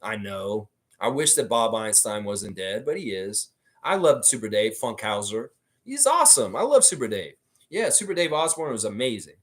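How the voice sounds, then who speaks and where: A man's voice: on the low side, big pitch swings, moderate pace. A man hosting a casual sports livestream, reading viewer comments aloud and answering them bluntly, swearing freely. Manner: talks about himself in the third person.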